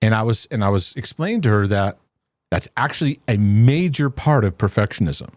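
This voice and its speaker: A man hosting a casual talk show with his wife, animated, often repeating words and restarting. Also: lowish voice, brisk, no room sound. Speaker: host.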